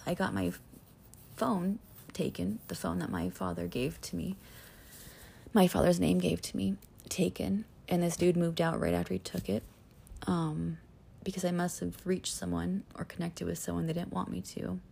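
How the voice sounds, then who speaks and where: Gravelly low woman venting her story. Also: normal speed, dark tone. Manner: upset, rambling, restarts and swears. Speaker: vlogger telling her own story. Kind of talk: personal monologue to camera.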